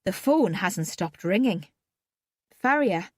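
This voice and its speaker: A woman voicing a fussy, motherly older landlady, homely and quick to take offence. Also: mid-range voice, lively intonation, no echo, studio quality. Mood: fretful.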